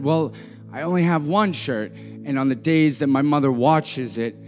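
A man, a pastor, telling an illustrative story during a sermon in an earnest way. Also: medium pitch. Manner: earnest, voices the characters in his story lightly. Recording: music and long reverb of a church hall.

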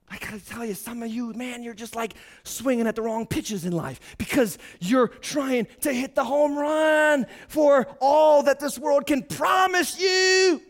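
A middle-aged male pastor preaching a sermon, emphatic, swinging from quiet asides to shouted points. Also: very high voice, unhurried, hardly any pauses.

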